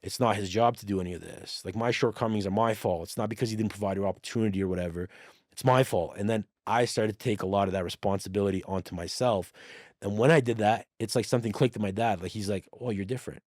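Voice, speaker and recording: A man guest on a podcast, telling a personal story in casual chat, animated and swearing freely while acting out what others said. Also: lowish voice, fast, dry recording, studio quality. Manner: animated, swears freely, acts out quoted dialogue.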